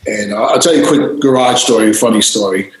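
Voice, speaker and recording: Echoey, animated man telling stories. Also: lowish voice, fairly quick. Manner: animated, acts out voices in his stories, swears freely. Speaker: interview guest, DJ and producer. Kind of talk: casual storytelling interview.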